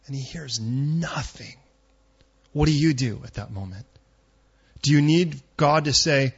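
Husky man preaching a sermon. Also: mid-range voice, a little slow, highs cut off. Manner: storytelling, rising to emphatic near-shouting peaks. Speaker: pastor.

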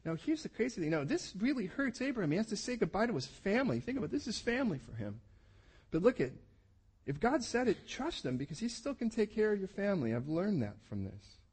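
Male pastor, chatty explaining sermon, kinda high voice. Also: very animated, fast, darkish tone, husky. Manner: conversational, explaining, acting out scripture.

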